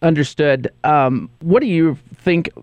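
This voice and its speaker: Calm sympathetic male talk show host. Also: fairly high pitch, no room sound, highs cut off. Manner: calm, sympathetic, measured questions.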